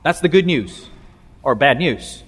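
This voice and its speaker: A male pastor preaching a sermon in a church, emphatic and halting with repeats, slowing and dropping low on key words. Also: expressive, slightly rough, in a large hall.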